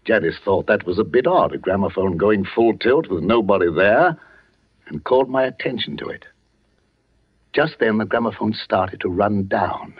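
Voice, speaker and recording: An actor playing an older village vicar and father in a 1940s radio play, earnest and measured with quiet authority. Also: fairly low pitch, lively intonation, slightly rough. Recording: dull lo-fi old radio recording.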